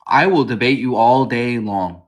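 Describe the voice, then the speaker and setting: A man arguing as a guest in a heated online debate. He is aggressive and taunting, swears freely and repeats the same jeers over and over. His pitch sits in an ordinary middle range. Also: measured pace.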